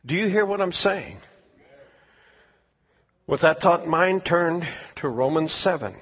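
A man preaching a sermon as pastor and teacher, speaking emphatically and swinging between quiet and loud passages. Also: on the high side, animated, measured pace, husky. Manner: emphatic preaching, rising and falling in volume. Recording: dull lo-fi sound with long hall reverb.

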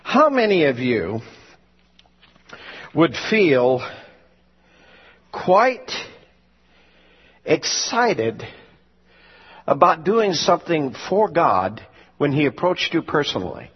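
Male pastor, emphatic storytelling sermon, high husky voice, unhurried, muffled recording. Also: very animated, big-room sound.

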